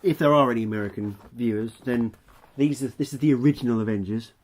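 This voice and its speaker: A man's voice: medium pitch, a little mellow. An agreeable man co-hosts a casual chat and keeps chiming in with yeses. His voice sits mid-range, with an easygoing, conversational flow. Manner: agreeable, lots of quick affirmations. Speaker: vlog co-host.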